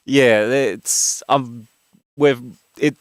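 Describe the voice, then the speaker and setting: A man in his twenties from Australia with a broad Western Sydney accent, a game streamer who talks fast and rambles with many fillers in casual chat. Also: medium pitch, a bit bright, clean tone, no echo. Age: 20s.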